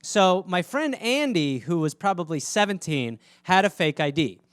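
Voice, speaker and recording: High-voiced man telling profane stories. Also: sing-song, moderate pace, clean tone, dry recording, clean studio sound. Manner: profane, rambling anecdotes. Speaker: podcast host. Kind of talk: casual comedic storytelling.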